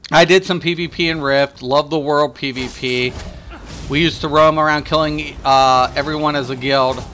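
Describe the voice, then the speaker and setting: A man's voice: fairly high pitch, fairly even intonation, normal speed, bright, forceful tone, a little hiss or hum. A man giving casual, rambling gameplay commentary, swearing and complaining as he plays. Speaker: gaming streamer.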